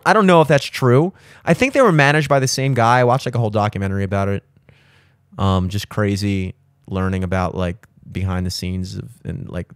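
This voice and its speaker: A man's voice: dry recording, clean studio sound. A man in his thirties, hosting a podcast in casual chat, with profane, opinionated rambling. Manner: profane, opinionated rambling with animated jumps in pitch. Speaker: podcast host. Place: studio.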